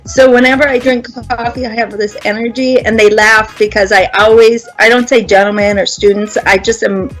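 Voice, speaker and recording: A woman teacher with a Minnesota accent, chatting on a school quiz show and telling lively stories about her students. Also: on the high side, a little fast, few pauses, soft background music, poor audio. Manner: animated storytelling, acts out her students. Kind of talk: casual game show chat.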